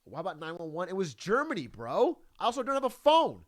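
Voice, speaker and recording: A man with a fairly high voice whose pitch leaps around as he tells a story and reacts to a clip. He laughs a lot, swears casually and talks in a loose, chatty way. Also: wildly swooping pitch, brisk. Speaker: YouTuber reacting to a video.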